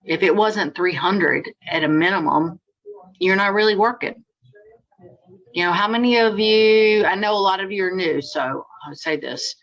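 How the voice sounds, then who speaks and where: A woman's voice: medium pitch, normal speed. Chatty woman trainer on a dull call. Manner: upbeat, chatty storyteller. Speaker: sales team trainer. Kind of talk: coaching Q&A on a video call. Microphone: video call.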